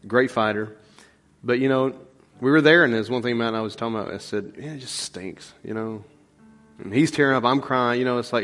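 Male pastor, casual storytelling sermon, mid-pitched, lots of fillers. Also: fairly bright tone. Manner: rambling, folksy storytelling with many fillers. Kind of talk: conversational sermon.

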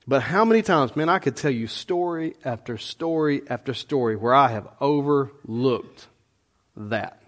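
A middle-aged man preaching a sermon as pastor, conversational and animated, with folksy asides to the congregation. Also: mid-range voice, measured pace.

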